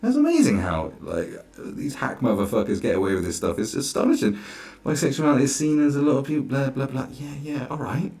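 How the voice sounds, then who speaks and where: A man's voice: mid-range voice, big pitch swings, fairly quick, creaky, darkish tone. A man ranting sarcastically through a reaction commentary, exasperated and swearing freely. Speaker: commentary vlogger.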